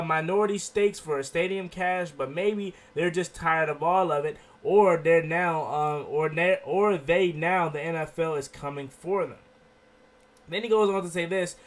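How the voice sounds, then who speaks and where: An excitable man with a high voice hosts his own sports show and rambles through breaking news. He keeps tacking "okay?" onto his sentences and sounds a bit under the weather. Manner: excitable, rambling, repeats 'okay?' often. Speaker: sports video host. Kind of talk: excited casual sports commentary.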